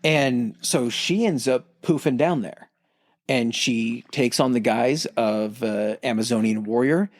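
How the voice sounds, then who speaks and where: A man casually retelling a myth on a podcast, swearing freely and slipping into quick character voices. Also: mid-range voice, dry recording, clean studio sound. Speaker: podcast co-host. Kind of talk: casual storytelling chat.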